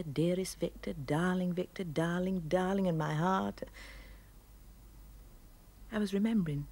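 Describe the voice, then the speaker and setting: A wistful wife in an old tv drama, speaking her letter in a low, breathy near-whisper. Her pitch sits fairly low yet swings freely as she recalls the past. The tone stays soft and intimate throughout. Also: heavily acted. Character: wife fondly recalling early courtship. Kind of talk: 1970s television drama, letter voice-over.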